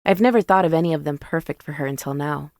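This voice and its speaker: A woman's voice: low voice, fast talker, a little mellow, no echo, studio quality. A woman narrating a first-person romance story in an intimate, confiding way.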